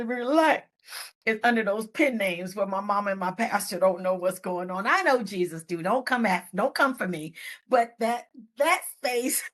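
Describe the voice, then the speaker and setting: A middle-aged woman author telling stories in a podcast interview, expressive and playful with asides. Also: mid-range voice. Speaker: guest author. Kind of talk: podcast interview, casual storytelling.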